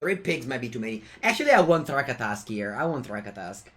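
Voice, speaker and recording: Speaking fast and very animatedly at a medium pitch, with a slightly bright tone, a card player with an Italian accent narrates his live-streamed match. He's playful, talks with his viewers, and teases his opponent.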